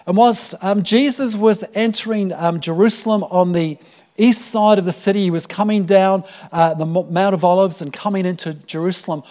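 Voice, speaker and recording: A man's voice: high-pitched, fairly even intonation, normal speed, darkish tone. A man preaching a sermon to a church congregation, earnest and full of fillers and repeated words. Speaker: pastor.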